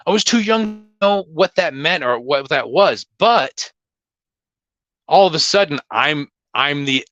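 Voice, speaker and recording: A man's voice: fairly high pitch, sharp tone, no room sound. A man hosting a casual livestream Q&A, talking in a blunt, opinionated, rambling way. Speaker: livestream host.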